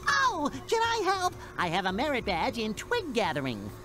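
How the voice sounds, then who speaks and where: A man's voice: very high voice, wildly swooping pitch, normal speed, music in the background, heavily acted. A man voicing a cheerful, overeager young male sea sponge in a cartoon game. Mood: eager. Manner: chirpy, overeager.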